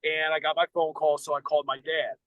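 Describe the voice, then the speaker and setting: Middle-aged american guy rambling through a story, cursing a lot, slightly high voice, dry close mic. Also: little pitch movement, fairly quick, no room sound, narrow, tinny audio. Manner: blunt, profane, rambling with restarts. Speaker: podcast co-host. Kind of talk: casual storytelling.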